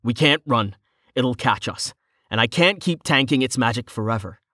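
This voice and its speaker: A man's voice: mid-range voice, lively intonation, normal speed, sharp tone, dry recording, clean studio sound. A man doing a brash young fighter. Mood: urgent.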